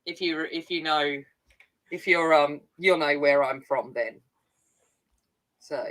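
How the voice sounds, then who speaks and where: An Australian woman from a country town, co-hosting a casual livestream chat, talking in halting restarts and laughing often. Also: low voice, fairly bright tone, poor audio. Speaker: co-host.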